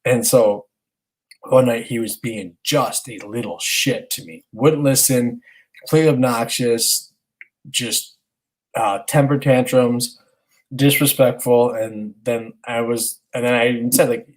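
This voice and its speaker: A man in his thirties, a podcast co-host, telling a rambling and animated story in casual chat with some swearing. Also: medium pitch, unhurried, poor audio. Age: 30s.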